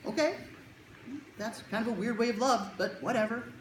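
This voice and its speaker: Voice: mid-range voice, normal speed, pauses often. A presenter giving a talk to parents on child anxiety in a conversational, jokey way, acting out quotes. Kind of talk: lecture to parents. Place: lecture room with an audience. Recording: roomy echo, faint room noise.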